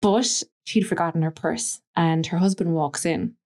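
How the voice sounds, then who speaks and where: A woman with a West Cork Irish accent speaks in a fairly low, grounded register for a woman. She is a podcast guest telling long anecdotes, with plenty of "like" and "you know" woven through her talk. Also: normal speed, a little mellow. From Ireland, West Cork. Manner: chatty, anecdotal, frequent fillers like "like" and "you know". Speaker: guest, stylist. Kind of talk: casual interview storytelling.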